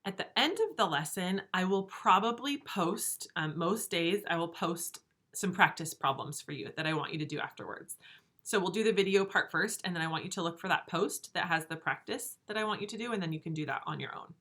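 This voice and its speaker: A woman teaching first graders a recorded lesson from her empty classroom, speaking slowly, patiently and encouragingly to small children. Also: on the low side, fairly bright tone. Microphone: camera.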